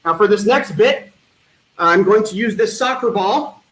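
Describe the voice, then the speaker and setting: A man doing stand-up one-liners at an online talent show, with a deadpan punning delivery and hesitant fillers. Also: high voice, a little slow. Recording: echoey room.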